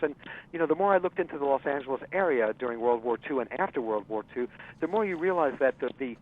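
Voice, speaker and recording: A man's voice: mid-range voice, expressive, quick pace. A man telling a long story as a guest on a radio interview, talking with lots of fillers and restarts. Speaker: interview guest, jazz writer. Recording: tinny phone-line sound.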